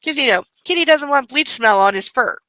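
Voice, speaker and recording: High, bright-voiced giggly woman streamer. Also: expressive, fairly quick, dry recording, poor audio. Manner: giggly, exclaiming and reacting loudly. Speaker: streamer hosting a book club. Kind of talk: casual livestream chat, reading aloud.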